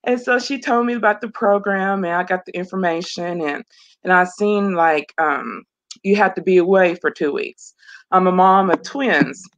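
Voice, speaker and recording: A woman's voice: on the low side, normal speed. A woman, a mother of twins, telling her personal story as an interview guest in an earnest way, often repeating phrases. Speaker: program graduate guest. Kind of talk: emotional personal testimony.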